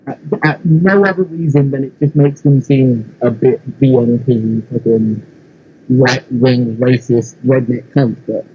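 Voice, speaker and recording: A man's voice: mid-range voice, steady tone, a little slow, breathy edge. A young man with an English accent chatting casually on a podcast, rambling and swearing with lots of fillers. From England. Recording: dull lo-fi recording.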